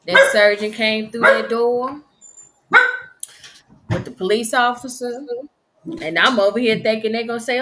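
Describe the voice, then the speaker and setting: A middle-aged woman, telling the story of losing her son in slow, halting, emotional speech. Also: a little high, fairly even intonation, very noisy. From Virginia. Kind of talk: personal testimony.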